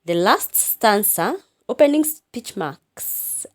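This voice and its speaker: Woman teacher, lively pitch, slow careful delivery, reads verse and calls out punctuation. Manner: slow and deliberate, dictating punctuation, expressive. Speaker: English teacher. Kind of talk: recorded lesson, reading a poem aloud.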